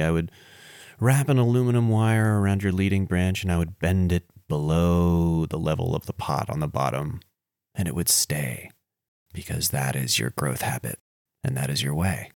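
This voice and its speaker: A man with a very low voice delivers a casual spoken eulogy, playful and wandering, with self-mocking asides. He jumps from excited outbursts to soft murmurs. The recording is close and dry, with no room sound. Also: no room sound. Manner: swings between animated outbursts and quiet, low murmurs. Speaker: podcast host.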